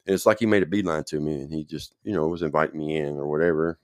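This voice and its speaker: A man's voice: rumbling low, fairly even intonation, fast talker, darkish tone, no echo, clean studio sound. A man telling his own recovery story in a casual, rambling way, often checking in with the listener.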